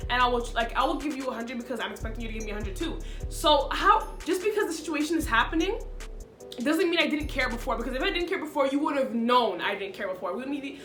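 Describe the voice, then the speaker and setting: A young woman with a high voice tells a storytime in an animated, exasperated way, scattering "like" through her sentences. She talks in an echoey room with faint music in the background. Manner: animated, exasperated retelling full of "like". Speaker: vlogger. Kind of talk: storytime vlog.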